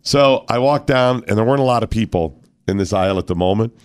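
Hoarse male radio host. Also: fairly low pitch, fast talker, dry recording, clean studio sound. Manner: animated storyteller, acts out other people's lines. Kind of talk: morning radio talk show banter.

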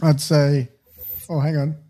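A man's voice: a little high, little pitch movement, measured pace, warm tone. A man, co-hosting a podcast in casual chat with dry, jokey banter. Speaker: podcast co-host.

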